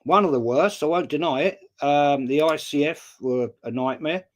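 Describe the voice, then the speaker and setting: A man's voice: on the high side, moderate pace, highs cut off. An English man in his sixties talks casually on his live stream, greeting viewers by name between stories. His telling is loose and chatty, with the odd swear word. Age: 60s. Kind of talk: casual chat reading viewer comments.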